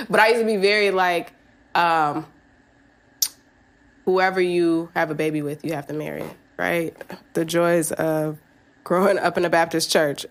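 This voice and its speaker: Frank, laughing woman podcast host. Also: on the low side. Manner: laughs often through the story, frank and profane. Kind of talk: candid personal storytelling.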